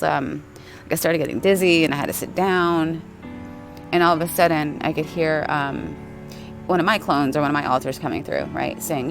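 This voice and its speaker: A woman telling a personal spiritual story in a rambling, casual way, swearing often and asking "right?". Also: low voice. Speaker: spiritual vlogger.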